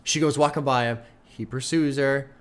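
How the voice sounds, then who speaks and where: A man's voice: medium pitch, steady tone, normal speed, clear, resonant tone. An older man hosting an album reaction, thinking aloud in a loose, conversational way and swearing casually. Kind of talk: casual music reaction commentary. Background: music playing faintly.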